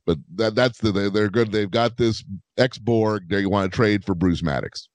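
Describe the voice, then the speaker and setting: A man's voice: lowish voice, moderate pace, no room sound. A man co-hosting a podcast, chiming in with short agreements and corrections in a casual chat. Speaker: podcast co-host.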